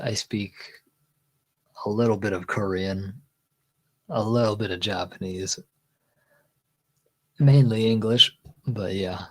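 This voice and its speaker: A male streamer chatting casually and calmly with his audience. His voice is dark and mellow, a little husky, easygoing in its rhythm. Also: on the low side, measured pace, long pauses, low-quality recording. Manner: relaxed, chatty, reads out chat and answers. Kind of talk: casual chat.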